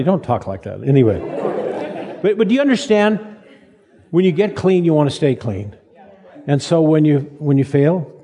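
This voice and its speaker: An older man preaching a sermon in a folksy, halting way, with frequent restarts and self-deprecating humor. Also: fairly high pitch. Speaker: pastor. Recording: reverberant hall.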